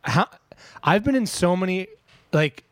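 A man in casual podcast chat, animated, profane and quick to cut in. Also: sits high, no echo. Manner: animated, interrupts, profane, laughs often.

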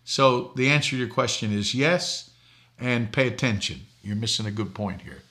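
A man's voice: mid-range voice, moderate pace, pushed and bright. An older man from Boston, a preacher hosting a talk show, telling folksy stories and laughing at his own jokes. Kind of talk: preaching talk show answering viewer questions.

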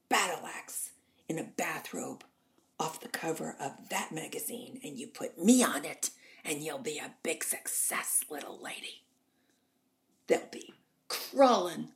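A woman voicing the ghost of an aging female silent-film diva, in a husky low whisper with an imperious, drawling manner. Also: heavily acted.

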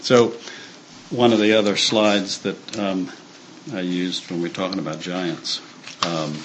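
Man, low voice, loose conversational preaching with fillers and restarts, light noise behind. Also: flat delivery, unhurried. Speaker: church speaker. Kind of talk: informal sermon talk.

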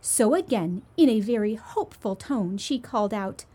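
A woman reading a children's storybook aloud to young listeners, in an expressive, gently emphatic way. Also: medium pitch, normal speed, slightly rough.

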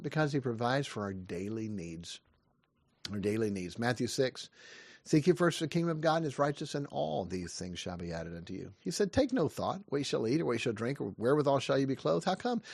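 A man in his fifties preaches earnestly, with rising questions and quick asides. His voice is dry and close, with a middle pitch. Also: creaky, a little mellow, no room sound. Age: 50s. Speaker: pastor. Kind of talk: short devotional sermon.

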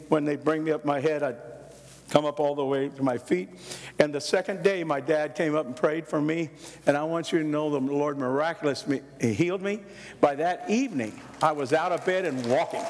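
Older male pastor in a reverberant hall. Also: on the high side. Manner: folksy, animated storyteller who acts out voices. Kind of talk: sermon with personal storytelling.

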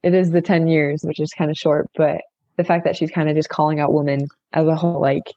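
Deep, gravelly young woman, dull dry sound. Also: little pitch movement, fairly quick, mellow, dry recording. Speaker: discussion participant. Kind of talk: casual discussion and reading aloud.

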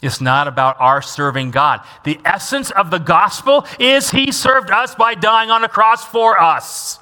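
Emphatic preacher man with a bright voice. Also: high-pitched, a little slow. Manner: emphatic, repeats key lines and has the congregation echo them. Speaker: pastor. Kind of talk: sermon. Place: church sanctuary. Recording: long reverb of a large church hall.

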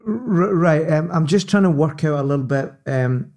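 A man with a Scottish accent co-hosting a casual sports podcast, chatty and animated, laughing often as he tells stories. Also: a little high, normal speed, soft background music. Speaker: podcast co-host.

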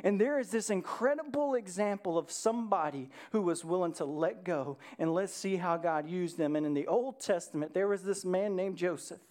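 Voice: mid-range voice, moderate pace, hardly any pauses, darkish tone. Chatty preacher retelling a Bible story. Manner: conversational storytelling with frequent "right?" asides; addresses listeners directly with questions. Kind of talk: sermon.

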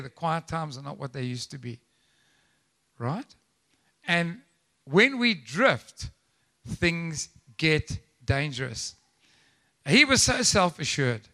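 A man preaching a live church sermon, animated and conversational, with frequent asides and rhetorical questions to the congregation. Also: fairly high pitch. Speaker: pastor. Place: church service.

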